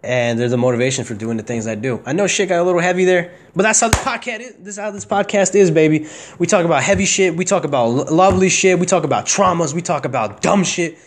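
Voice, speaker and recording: A man's voice: a little high, fast, a little hiss or hum. A young man hosting his own podcast, telling a personal story in a casual, rambling way, full of slang and swearing. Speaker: podcast host.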